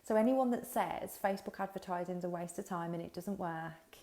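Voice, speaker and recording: A woman's voice: fairly low pitch, brisk, few pauses, dark tone. Chatty sweary woman hosting a livestream. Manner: chatty, swears freely, talks to viewers directly. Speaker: business coach hosting a livestream. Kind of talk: casual livestream chat. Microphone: headphones with mic.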